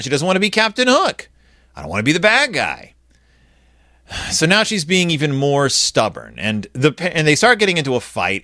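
A man giving a comic, sarcastic review of a children's picture book, acting out quoted lines in flat voices. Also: medium pitch, no room sound, clean studio sound.

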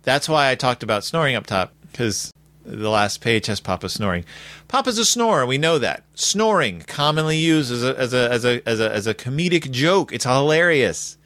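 A man's voice: medium pitch, animated, moderate pace, fairly bright tone, dry recording. A man giving a sarcastic, exaggerated, rambling comedic recap of a children's book. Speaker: podcast host reviewing a children's book.

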